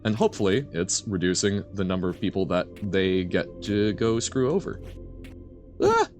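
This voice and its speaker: A man streaming a game, chatting casually with his audience in an animated, rambling way that keeps correcting itself. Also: low voice, normal speed, faint music behind. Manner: animated, rambling, self-correcting, answers chat. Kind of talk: casual live-stream chat while gaming.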